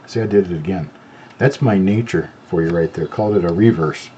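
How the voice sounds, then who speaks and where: A middle-aged man talks casually as the host of a live show, easygoing and unhurried as he examines things and chats to his viewers. His voice sits low and sounds warm and relaxed. The recording is a little muffled, with a faint hiss underneath. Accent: no southern accent. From not from North Carolina. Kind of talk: casual live-stream chat.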